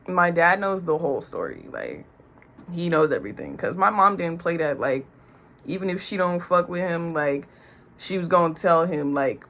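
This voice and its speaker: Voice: mid-range voice, pushed and bright. Young adult telling a slangy storytime. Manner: slangy and profane, acts out quoted lines. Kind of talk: casual storytime vlog.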